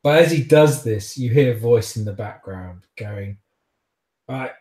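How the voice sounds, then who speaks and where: A man narrating a tabletop game as game master, in a rambling, halting way with frequent restarts. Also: medium pitch, mellow, echoey room.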